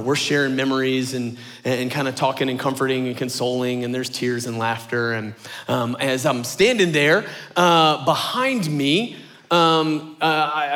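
A young adult man, a lead pastor, preaching a sermon as an animated storyteller who acts out quotes in a high voice. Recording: long hall reverb.

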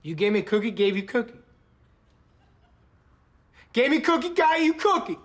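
An actor playing an awkward, gruff young man who rambles and repeats himself while fumbling to show affection to a friend in a sitcom. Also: extremely high pitch, very animated, moderate pace. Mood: exasperated rant. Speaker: sitcom character. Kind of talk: sitcom acting.

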